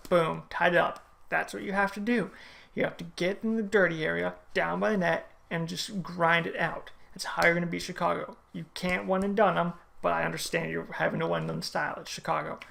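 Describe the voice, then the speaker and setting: Fan-reaction vlogger: very gravelly voice, casual play-by-play recap with strong opinions. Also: mid-range voice, fairly even intonation, fairly quick, fairly bright tone. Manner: play-by-play retelling, opinionated and chatty. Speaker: hockey fan reviewing a game. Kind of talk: casual game recap vlog.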